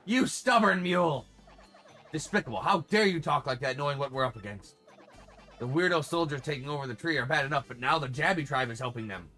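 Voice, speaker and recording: A man's voice: medium pitch, quick pace, pushed and bright, soft background music, natural voice. A man reading the lines of an earnest young male creature who wants to lead his tribe, indignant and rallying.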